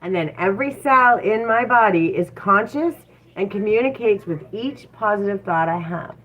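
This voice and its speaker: Over tinny, phone-like audio with a little background noise, a woman does a relaxed tarot reading on a livestream. She's animated and encouraging, using many fillers, with a mid-range voice at normal speed.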